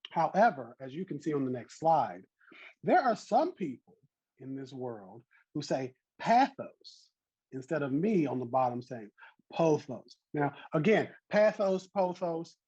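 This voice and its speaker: A man's voice: fairly high pitch, animated, a little slow, darkish tone, breathy edge, no room sound, lo-fi sound. A man in his thirties with a Southern US accent, teaching an online botany class in a chatty, encouraging way over a video call. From American South.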